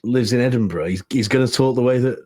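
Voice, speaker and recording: A man co-hosting a podcast in a casual film discussion, thoughtful and measured, explaining his views in long trailing phrases. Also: medium pitch, mellow.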